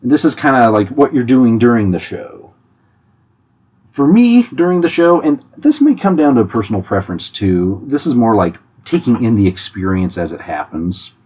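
Chatty husky-voiced young man. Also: medium pitch, normal speed. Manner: chatty, animated, many restarts and laughs. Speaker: podcast host giving concert tips. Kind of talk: casual monologue.

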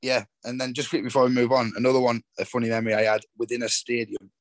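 A man, co-hosting a podcast and telling a funny memory in casual chat, quick and laughing. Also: mid-range voice, flat delivery.

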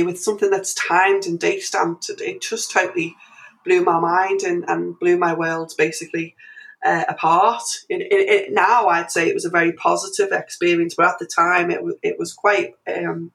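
Gravelly woman telling a story. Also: on the low side, normal speed, low-quality recording. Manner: animated, full of restarts and fillers. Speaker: interview guest. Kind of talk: conversational interview storytelling.

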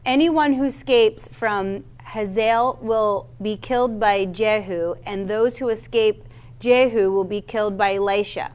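A woman's voice: mid-range voice, unhurried, a little mellow. Woman preaching and reading scripture. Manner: reads scripture aloud, stumbles on names, casual asides. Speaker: Bible teacher. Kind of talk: sermon with Bible reading.

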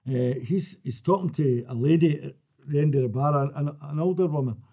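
Gravelly older Scottish man telling stories. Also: a little high, a little fast. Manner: lively storyteller who laughs through his tales. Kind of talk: casual chat, anecdote telling.

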